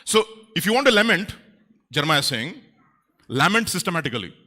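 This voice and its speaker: A man preaching a sermon as pastor, animated and playful, acting out little quoted voices. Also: fairly high pitch, fairly quick. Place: church.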